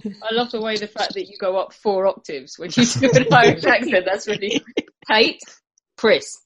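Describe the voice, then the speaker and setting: A woman's voice: mid-range voice, moderate pace, slightly rough, dull audio. A woman hosting a casual panel chat, teasing her guests and laughing often. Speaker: podcast host.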